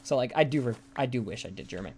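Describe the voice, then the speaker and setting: A man's voice: mid-range voice, animated, fast, darkish tone, a little hiss or hum. A young man from the United States chatting casually while streaming a game, rambling and swearing freely. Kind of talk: casual live-stream chat while gaming. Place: indoors, room by a hallway.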